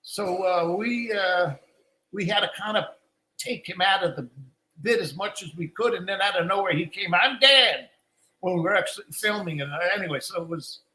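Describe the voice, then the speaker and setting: A man's voice: high voice, a little fast, sharp tone, low-quality recording. An older man, a guest musician, telling rambling stories in a casual live Q&A. He restarts his sentences often and acts out quoted lines.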